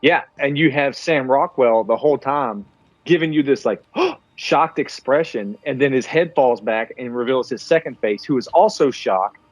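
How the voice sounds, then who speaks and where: A man's voice: mid-range voice, moderate pace, no echo, dull audio. A man co-hosting a podcast, casually and profanely retelling movie scenes. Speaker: podcast co-host. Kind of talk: casual movie-review chat.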